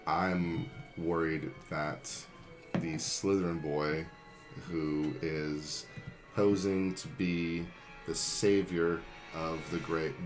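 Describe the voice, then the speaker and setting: A man playing a tabletop game, talking in character in a hesitant, halting way. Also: deep voice. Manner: hesitant, halting, with many fillers. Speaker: player.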